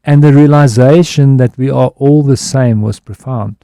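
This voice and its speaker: Gravelly-voiced man. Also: medium pitch, normal speed, dark tone, no room sound, studio quality. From South Africa. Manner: reflective, candid, restarts phrases. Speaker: guest, advertising executive. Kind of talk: radio interview conversation. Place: radio studio. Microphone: studio microphone.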